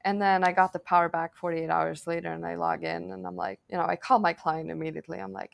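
A woman's voice: fairly low pitch, flat delivery, fast, gravelly, few pauses. A woman from Sweden, a podcast guest, telling stories in casual conversation, acting out quoted dialogue and swearing freely. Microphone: video call.

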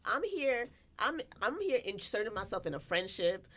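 A young American woman, a podcast co-host, telling stories in casual chat and acting out quotes with big jumps in her voice. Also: moderate pace. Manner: animated, acts out quotes with big pitch jumps.

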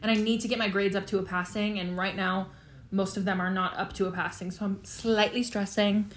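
A woman's voice: medium pitch, little pitch movement, a little fast, slight background noise. A teenage girl hosting a casual solo chat, talking freely with lots of fillers and frequent swearing. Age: teens. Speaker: podcast host.

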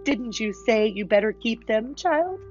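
Woman reader doing calm practical mom, measured and a bit chiding, dull lo-fi sound. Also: fairly high pitch, soft background music. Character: calm, practical mother of five.

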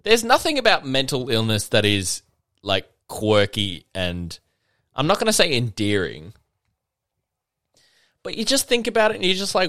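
Man, casual solo podcast rant, animated, expressive pitch, swearing, a bit tipsy. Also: moderate pace, long pauses, no echo. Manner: animated, swearing, mocking impressions. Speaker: podcast host.

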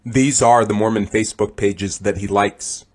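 A man with a somewhat low voice hosts a critical commentary podcast. He reads lengthy quotes aloud in measured tones, then breaks in with earnest, disapproving remarks of his own. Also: steady tone. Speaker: podcast host.

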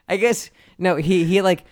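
A man's voice: high voice, fairly even intonation, slow, darkish tone. A man co-hosting a podcast in a casual movie-review chat, rambling, laughing often and searching for words. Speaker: podcast co-host.

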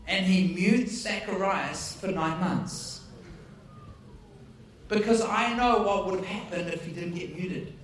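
A man's voice: high voice, slow, a bit bright, slight background noise. A male preacher telling stories in a joking, conversational sermon style before an audience. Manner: jokey, conversational, laughs at own stories. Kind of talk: humorous storytelling sermon. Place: large hall with audience. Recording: echoey hall, distant mic, audience.

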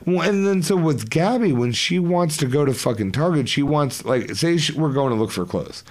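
A man chatting casually on a podcast, laid-back and loose, with a pitch that swings up and down a lot. He swears freely and laughs easily. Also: expressive, moderate pace. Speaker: podcast co-host. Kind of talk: casual chat.

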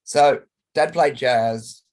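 An Australian man with a hoarse, croaky voice from a chest cold, chatting expressively as an interview guest over a video call. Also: mid-range voice, extremely slow. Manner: chatty and expressive, colourful phrasing. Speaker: guest performer. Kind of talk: casual interview chat.

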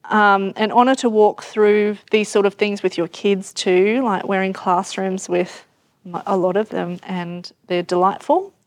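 A woman's voice: medium pitch, steady tone, a little slow, no room sound. Woman host thanking guests, dry sound. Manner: warm, grateful, hesitant with fillers. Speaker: podcast host. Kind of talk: live podcast, thanking the audience.

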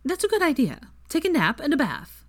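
A woman voicing a bossy, teasing young witch, raised in pitch, in a fan fiction reading. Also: huge pitch swings, dry recording. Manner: brisk, commanding, mock-sweet when acting posh.

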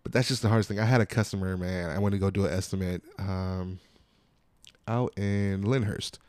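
A man's voice: low voice, fairly even intonation, normal speed, a little mellow, no echo. A young man hosting a podcast, chatting casually and telling profane stories, acting out what customers said. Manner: laid-back, profane storytelling with acted-out quotes. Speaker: podcast host. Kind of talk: casual chat.

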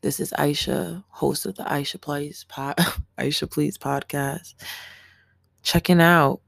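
A woman's voice: deep voice, fairly even intonation, takes it slowly, creaky, no room sound, studio quality. Earnest young woman podcast host. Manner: earnest, emotional, candid with profanity. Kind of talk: solo podcast monologue.

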